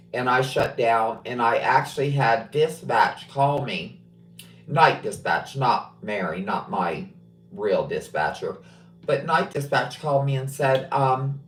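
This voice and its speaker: A middle-aged man who drives trucks, talking on a live stream in an unhurried, drawn-out way and swearing freely. He sounds set back from the microphone, in a space that rings a bit. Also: on the low side. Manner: blunt, profane, opinionated. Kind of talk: casual livestream rant. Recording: roomy sound from a distance off mic.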